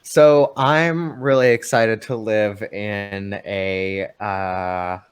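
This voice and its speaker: A man's voice: lowish voice, steady tone, very slow, clear, resonant tone. A man running a live-streamed tabletop game as game master, wry and joking in a laid-back way.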